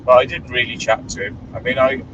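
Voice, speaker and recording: A man in a moving car talks bluntly and swears freely as he tells stories. He sits well back from the microphone. Clear road noise runs under his voice. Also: mid-range voice, quick pace. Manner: blunt, swearing, animated storytelling. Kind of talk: casual chat while driving. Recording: distant voice with clear background noise.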